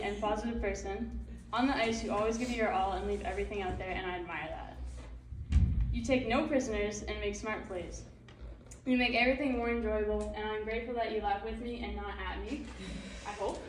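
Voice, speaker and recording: A woman's voice: mid-range voice, fairly even intonation, fairly quick, a little hiss or hum. A teenage girl reading a farewell tribute speech, giggly and often breaking into laughter. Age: late teens. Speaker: student athlete giving a tribute. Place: large echoey hall. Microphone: distant microphone. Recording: echoey hall, distant mic, loud music.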